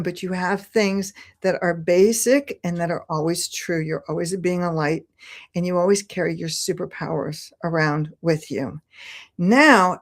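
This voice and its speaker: A woman with a fairly low voice talks as a podcast guest. Her delivery is earnest and flowing, and she encourages her listeners as she speaks. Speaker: podcast guest, spiritual coach. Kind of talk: podcast conversation.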